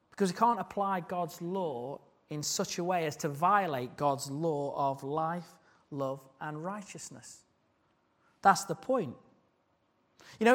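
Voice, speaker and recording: A man's voice: fairly high pitch, fairly bright tone. A man preaching a sermon, earnest and putting questions to the congregation.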